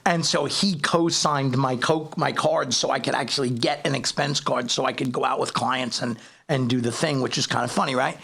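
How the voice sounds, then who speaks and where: Middle-aged New man, husky and gravelly, animated storyteller who acts out the dialogue. Podcast co-host. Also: mid-range voice, moderate pace. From Staten Island, New York. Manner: animated, acts out quoted dialogue, frequent restarts. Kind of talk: casual storytelling.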